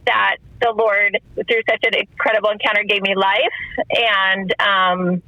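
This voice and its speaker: A middle-aged woman recounts her own story with feeling, slipping into the voices of the people she quotes. Her tone is bright and forward, and the recording is close and dry, with no room sound. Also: medium pitch, little pitch movement, unhurried, no echo, dull audio. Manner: emotional storytelling, often quotes others in dialogue. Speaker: guest. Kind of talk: personal testimony in a podcast interview.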